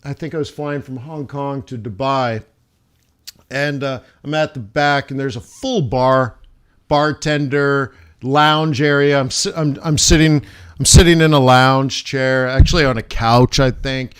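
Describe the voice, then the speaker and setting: A man's voice: mid-range voice, fairly even intonation, a little slow, clean tone. A man hosting a live trading stream, chatting casually and rambling through a travel anecdote with plenty of restarts and laughs. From United States. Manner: chatty, many restarts, laughs while telling stories. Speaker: livestream host, forex trader. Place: home studio during live stream.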